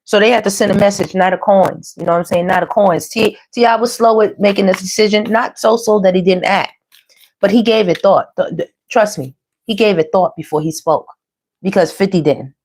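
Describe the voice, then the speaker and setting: A woman's voice: medium pitch, a little fast, husky. Chatty woman doing a tarot reading. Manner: chatty, animated, slangy, addresses viewers as y'all. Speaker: tarot reader. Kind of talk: casual tarot reading monologue.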